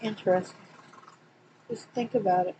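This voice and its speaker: A woman with a Southern accent, reading Bible questions and verses aloud slowly, with small slips and asides. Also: medium pitch, steady tone, mellow, slight background noise, rough recording. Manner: slow and deliberate, reads quotes slowly with small slips and asides. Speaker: Bible study reader.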